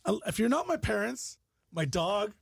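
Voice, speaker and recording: A man's voice: high voice, very animated, normal speed, creaky, slightly rough, no echo, clean studio sound. A man on a casual podcast panel, telling a long story with lots of swearing and insisting on finishing it.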